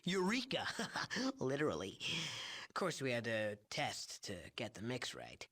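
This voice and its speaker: A man's voice: medium pitch, wildly swooping pitch, measured pace, fairly bright tone, exaggerated voice. An actor playing an arrogant young male drug chemist in a video game, boastful and sneering as he shrugs off cruelty.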